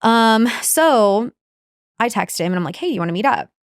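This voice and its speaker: A woman's voice: fairly high pitch, lively intonation, normal speed, no room sound, studio quality. A young woman hosting a podcast, telling a story in casual chat, rambling with lots of fillers, frequent laughs and free swearing. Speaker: podcast host.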